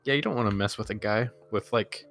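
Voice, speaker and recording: Lowish-voiced man, laughing storyteller. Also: a little fast, a bit bright, faint music behind. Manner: rambling storyteller, laughs often. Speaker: podcast co-host. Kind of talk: casual chat.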